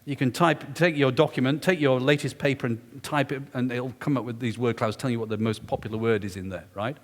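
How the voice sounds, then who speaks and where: A man's voice: mid-range voice, steady tone, a little fast. A man telling a story during a public lecture, emphatic and confiding. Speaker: guest lecturer. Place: lecture hall. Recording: echoey lecture hall.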